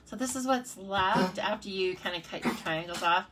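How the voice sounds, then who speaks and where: A woman's voice: mid-range voice, moderate pace, noisy background. A woman demonstrating card-making in a casual live tutorial, chatty and playful, talking to herself and her viewers. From United States.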